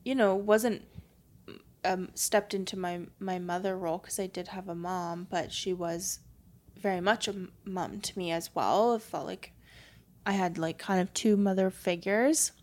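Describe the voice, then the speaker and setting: A young woman talking in a casual podcast conversation, soft-spoken and hesitant, with lots of fillers. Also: fairly low pitch, steady tone, unhurried. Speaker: podcast guest.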